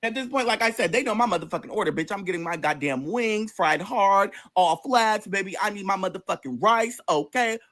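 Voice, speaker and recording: A man's voice: high-pitched, lively intonation, fairly quick, few pauses, fairly bright tone. A man telling a long personal story in casual, sassy, profane storytime style.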